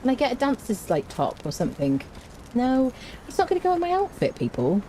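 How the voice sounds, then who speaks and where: A British woman streams a game, chatting casually, reading chat aloud, and launching into energetic rants. Her voice is a little high and fairly quick, with faint background noise.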